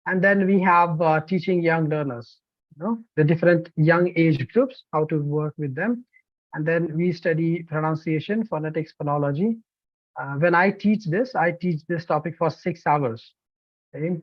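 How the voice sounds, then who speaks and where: A man, a language-teaching trainer, presenting an online course in an animated, emphatic way with frequent fillers. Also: on the high side, normal speed, no echo, lo-fi sound. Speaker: TEFL trainer.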